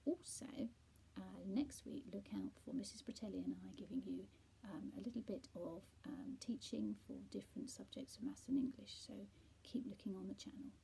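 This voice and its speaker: A woman teacher reading a bedtime story aloud, with soft, half-whispered asides to children. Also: mid-range voice, normal speed, creaky, poor audio.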